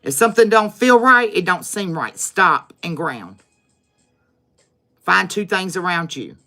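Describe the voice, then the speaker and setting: Bright-voiced woman preaching on stream. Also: lowish voice, lively intonation, measured pace, soft background music. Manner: emphatic, repetitive, preacher-like. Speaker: livestream tarot reader. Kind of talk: spiritual livestream sign-off.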